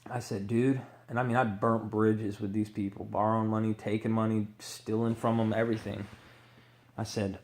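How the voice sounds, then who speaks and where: A man's voice: on the low side, darkish tone. A man candidly telling his own addiction recovery story, rambling and swearing freely as he acts out what people said.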